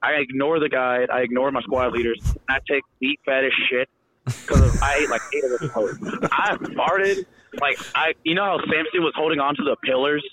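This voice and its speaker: A young man telling rowdy stories in a casual, animated way, swearing and loudly acting out the voices of others. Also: medium pitch, moderate pace. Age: young adult. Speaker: guest storyteller. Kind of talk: casual storytelling. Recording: tinny phone-line audio.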